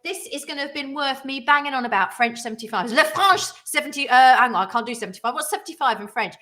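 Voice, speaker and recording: A woman's voice: high voice, lively intonation, quick pace, sharp tone. A woman co-hosting a cocktail livestream, chatting in a bubbly, rambling, self-mocking way as she mixes drinks. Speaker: co-host of a gin cocktail livestream. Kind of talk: casual chat while mixing cocktails.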